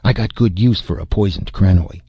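A man's voice: low-pitched, moderate pace, husky, dry recording, muffled recording. A man voicing a brutish, suspicious male tribal slaver chief in an audiobook, speaking in clipped, broken phrases. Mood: gruff. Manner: broken clipped speech, blustering. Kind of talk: audiobook character voice.

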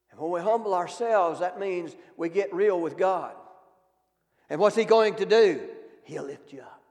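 High-voiced man preaching. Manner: folksy, calls out questions to the congregation. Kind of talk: sermon. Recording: long reverb of a hall.

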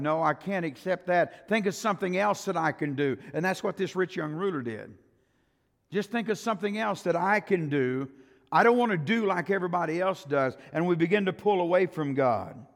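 An older man preaching a sermon in a folksy style, acting out quotes and swinging between loud and soft. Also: medium pitch. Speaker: pastor. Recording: long reverb of a church hall.

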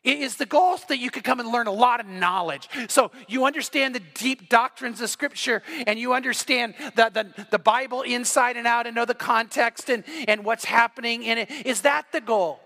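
A man's voice: very high voice, normal speed, hardly any pauses, bright, forceful tone. A man pastor giving a sermon, telling a story with animation and acting out the quoted voices. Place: church sanctuary.

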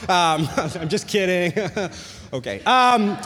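A male pastor preaching a sermon, telling a personal story with animated jokey asides and bursts of excitement. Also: high-pitched, slow pace. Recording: long hall reverb.

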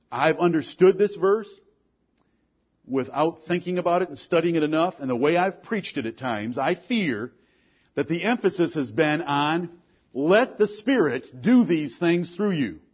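A man preaching a sermon with force, asking pointed questions and swinging between loud and low lines. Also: lively intonation, unhurried, pauses often, breathy edge, highs cut off. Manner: forceful preaching, rises and drops sharply, rhetorical questions. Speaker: pastor.

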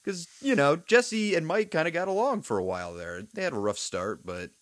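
A man's voice: on the high side, normal speed, dry recording. A man co-hosting a casual chat, recapping a TV episode and acting out lines from it. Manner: relaxed, acts out character quotes. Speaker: podcast co-host.

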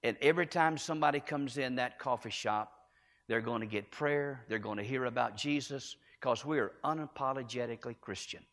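Earnest preacher in an echoing hall. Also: male voice, medium pitch, brisk, a bit bright. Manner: earnest, emphatic, repeats key phrases. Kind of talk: storytelling sermon. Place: church sanctuary. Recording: echoey hall with long reverb.

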